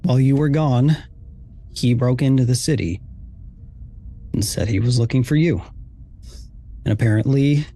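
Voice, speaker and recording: A man narrating a tabletop game as dungeon master, in a deliberate storytelling manner. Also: medium pitch, mellow.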